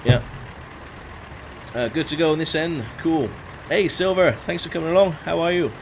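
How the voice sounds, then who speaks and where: A young man's slightly high voice, at normal speed, carries casual live-stream chatter as he plays a driving game, greeting viewers by name and explaining each step. A truck engine can be faintly heard in the background.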